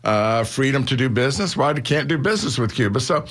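A man's voice: medium pitch, animated, fast talker, a bit bright. A man, a newspaper publisher, explaining his views earnestly as a guest in a radio interview. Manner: earnest, explanatory, builds to rhetorical questions. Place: radio studio.

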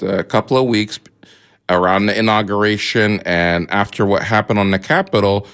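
A man's voice: fairly low pitch, a bit bright, clean tone. A man co-hosting a radio talk show, explaining news in a chatty way with fillers and asides.

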